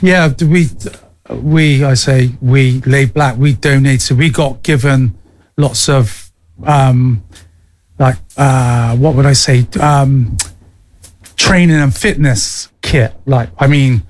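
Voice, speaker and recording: A man's voice: mid-range voice, fairly even intonation, slow pace. A man hosting a radio show, chatting casually and restarting his sentences. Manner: chatty, many yeahs and restarts. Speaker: radio host.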